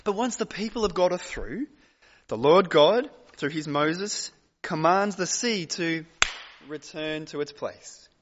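Male pastor, high voice, emphatic sermon delivery with long pauses; dull recording, long hall reverb. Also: lively intonation, a little hiss or hum. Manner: emphatic, dramatic pauses and repetition.

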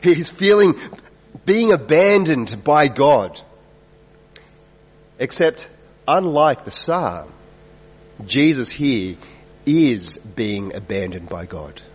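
A male preacher delivering an earnest sermon, pressing his points with rhetorical questions and dropping to slow, quiet lines. His voice carries the long reverb of a large hall. The sound is a little dull and muffled. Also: medium pitch, very animated, breathy edge. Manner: earnest, rising and falling emphasis with rhetorical questions.

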